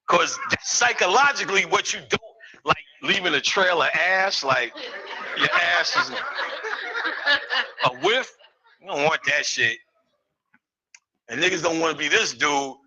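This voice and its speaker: A man in his fifties with a slightly high voice delivers a live comedic spiritual lecture, joking, swearing and riffing with the audience. Background noise is audible.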